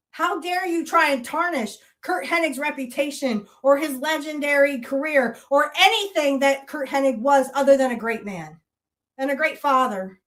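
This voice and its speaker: A podcast host whose voice sits high and a bit bright, she moves at a moderate pace through an angry solo rant. It's profane and accusatory, packed with rhetorical challenges she keeps repeating.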